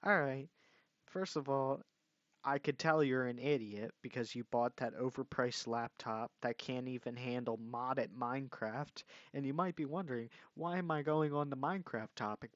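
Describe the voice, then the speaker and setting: A man's voice: mid-range voice, moderate pace, dry recording. A young man ranting in a commentary video, exasperated and mocking, swearing at someone he disagrees with. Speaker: commentary youtuber. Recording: dull lo-fi dry mic.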